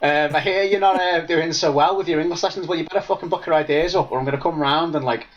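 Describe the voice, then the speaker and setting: A gruff middle-aged football coach, as a man puts him on, barking threats and swearing at a lazy kid. The voice sits higher than the man's usual talk and is a little louder. It sounds slightly dull, like a lo-fi podcast recording. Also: fast, far from the mic, close to an everyday voice. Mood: scolding.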